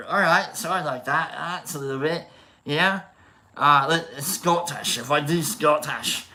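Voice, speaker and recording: A man's voice: a little high, measured pace, bright, forceful tone. A man chatting casually in a rambling, joking, self-deprecating way while he works on a craft. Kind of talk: casual chat.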